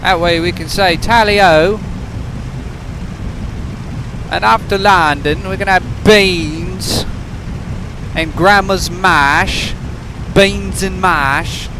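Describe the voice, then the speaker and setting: A man's voice: fairly high pitch, animated, drawn-out words, long pauses, background noise, voice pushed up, heavily acted. A man putting on a jolly mock Englishman. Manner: exaggerated put-on British accent, drawn out. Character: jolly stereotyped Englishman, young adult man, cheery.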